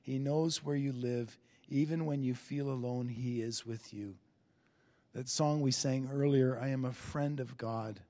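Earnest preaching man in a reverberant hall. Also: mid-range voice. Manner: earnest preaching, rises on key phrases, drops to soft endings. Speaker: pastor. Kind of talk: sermon.

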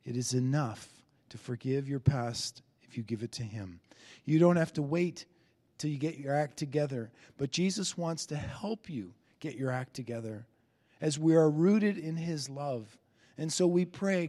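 Male pastor, slightly high voice, earnest sermon delivery, long hall reverb. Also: expressive, measured pace. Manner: earnest preaching, rises on key phrases, drops to soft endings.

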